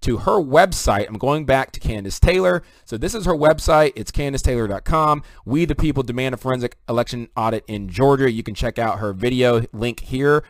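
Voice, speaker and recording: Brief: male vlog commentator, rapid-fire chatty delivery, dry close sound. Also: medium pitch, dry recording. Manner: rapid, conversational, addresses viewers directly. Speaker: online commentator.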